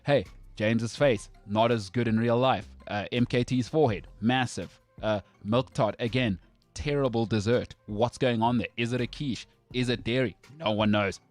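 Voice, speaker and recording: A man's voice: medium pitch, steady tone, moderate pace, soft background music. A man hosting a sports talk show, ranting in a brash, emphatic and jokey way. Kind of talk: opinionated sports talk banter.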